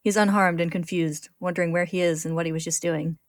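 Lowish-voiced woman recapping a story. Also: steady tone, quick pace, no echo, clean studio sound. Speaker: podcast host.

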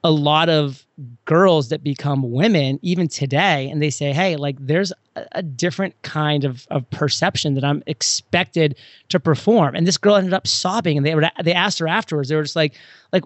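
A man talking casually on a podcast, an animated storyteller who acts out scenes with sudden jumps in pitch. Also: a little fast, dry recording. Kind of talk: casual conversation.

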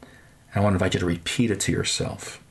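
A man leading a guided prayer meditation, speaking gently with long pauses and soft trailing endings. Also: low voice, level tone, creaky, husky. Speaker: pastor. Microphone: podcast microphone.

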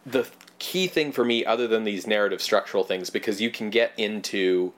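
A man with a voice on the low side talks fairly quickly as a podcast co-host in a casual film discussion. He chats at length about movies, rambling and swearing now and then.

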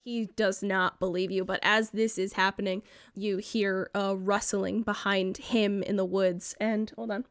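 A woman running a tabletop game, narrating scenes in a relaxed, descriptive way. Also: mid-range voice, unhurried, no echo, studio quality. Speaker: game master.

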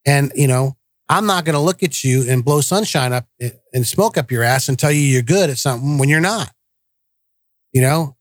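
Here a man co-hosting a casual podcast shares family stories with blunt directness and acts out what people said. His voice is medium-pitched at a normal speed, recorded without echo.

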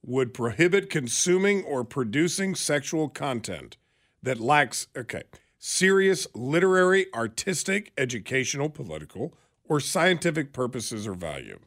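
Animated male radio co-host. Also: medium pitch, moderate pace. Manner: incredulous, animated reactions. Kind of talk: casual radio banter and news reading.

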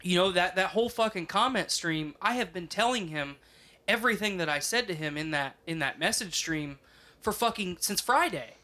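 A man's voice: high voice, animated, moderate pace, pushed and bright. A man in casual chat, rambling and swearing, full of "like" and "you know".

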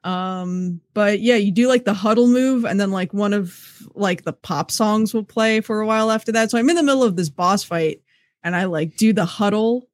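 A woman's voice: medium pitch, moderate pace, no room sound. Easygoing female podcast co-host, casual and chatty, dry close sound. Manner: laid-back, chatty, swears and laughs easily.

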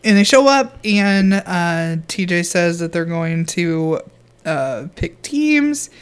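Chatty giggly woman podcast cohost, slow easygoing talk, lots of um and like. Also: fairly low pitch, sing-song, clean tone. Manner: giggly, chatty, many fillers. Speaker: podcast co-host. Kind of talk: casual chat recapping a reality show.

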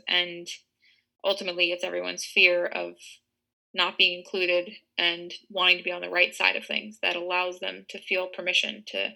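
A woman's voice: lowish voice, vocal fry, pushed and bright, low-quality recording. A woman co-hosting a casual podcast chat, reflective and circling through her thoughts. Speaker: podcast co-host.

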